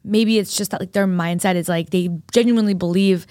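A woman's voice: mid-range voice, fairly even intonation, brisk, mellow, no echo, clean studio sound. A young woman co-hosting a podcast, telling a story in casual chat with lots of fillers. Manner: chatty, storytelling with many fillers. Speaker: podcast co-host.

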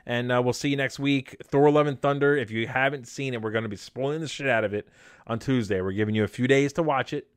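A man's voice: medium pitch, fast, no echo, studio quality. A man hosting a casual podcast, talking in an easygoing way as he signs off the show. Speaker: podcast host. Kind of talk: casual chat.

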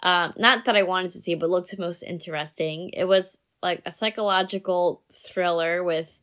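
A woman in her thirties with a fairly low voice co-hosts a casual movie podcast. She rambles in a relaxed way, full of "like" and "um". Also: moderate pace. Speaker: podcast co-host. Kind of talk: casual movie review chat.

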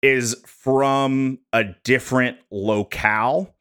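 A man on a podcast walking co-hosts through prepared bullet points in a jokey, animated way. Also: mid-range voice, slow pace, smooth. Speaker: podcast host presenting research. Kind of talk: casual podcast chat.

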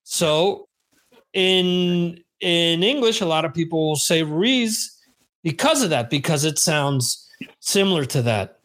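A man's voice: a little high, lively intonation, slow pace, a bit bright. A man with an American accent hosting a casual podcast chat, telling stories with many asides. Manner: chatty storyteller with many asides. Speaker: podcast host.

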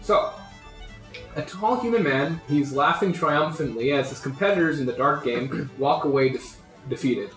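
A man's voice: a little high, moderate pace, fairly bright tone, faint music behind. A man running a tabletop game as game master, narrating casually with plenty of uhs and likes. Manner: casual, filler-heavy narration with many "uh" and "like". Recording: roomy recording.

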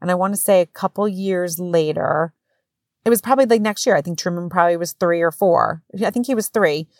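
A woman in her thirties hosting a podcast, telling a story in a casual, animated way with swearing and acted-out quotes. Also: fairly low pitch, brisk, dry recording, studio quality. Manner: animated, swearing, acts out quotes in raised voices. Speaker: podcast host.

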